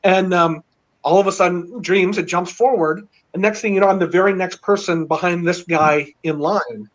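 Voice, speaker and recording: A middle-aged man telling a long story in casual chat, rambling and excited, with many fillers. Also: high-pitched, moderate pace. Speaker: panel guest. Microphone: video call. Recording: dull lo-fi online call audio.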